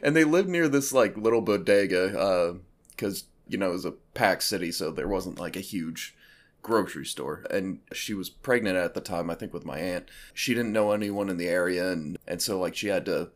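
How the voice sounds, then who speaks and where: A man with a low, deep voice hosts a casual podcast, rambling through a family story with constant "like" fillers. He talks loosely and conversationally. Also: moderate pace. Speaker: podcast host. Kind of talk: casual chat.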